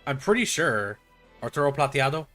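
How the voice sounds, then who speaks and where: A man chatting loosely as he plays through a video game, cracking jokes between scenes. His voice is bright and forceful at an ordinary pitch. Soft game music hums faintly behind him. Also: big pitch swings, moderate pace. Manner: joking, playful asides. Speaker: game streamer. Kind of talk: casual gameplay commentary.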